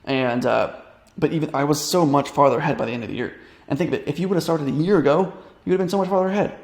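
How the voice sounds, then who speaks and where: A man's voice: fairly high pitch, rapid-fire, darkish tone, echoey room. A young man coaching online business, talking through a casual screen-share tutorial in a rambling way, with many fillers and restarts.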